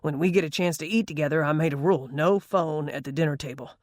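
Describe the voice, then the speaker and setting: Female narrator as a gruff, grumbling dad: low, rumbling, dry. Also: fast talker, a little mellow, no room sound, natural voice. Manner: grumbling and hesitant. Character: gruff, weary working father, rough-edged.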